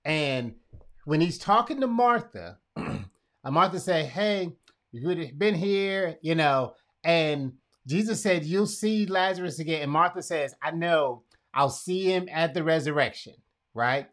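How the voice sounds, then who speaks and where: A man's voice: on the high side, animated, a little slow, a bit bright. A man hosting a casual conversation, asking questions and retelling a Bible story in his own words. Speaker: podcast host.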